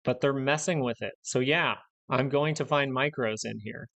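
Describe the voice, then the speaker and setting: A man's voice: mid-range voice, normal speed, creaky, a bit bright. Blunt ranting man hosting a market stream. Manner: blunt, ranting, repeats himself for emphasis. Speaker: stock market livestream host. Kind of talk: live market commentary.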